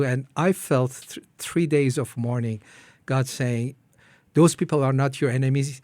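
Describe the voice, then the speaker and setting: A man's voice: animated, no room sound. Earnest middle-aged man from Iran. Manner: halting, earnest, acts out his own prayers with rising pitch. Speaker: ministry founder, guest. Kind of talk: personal testimony in an interview.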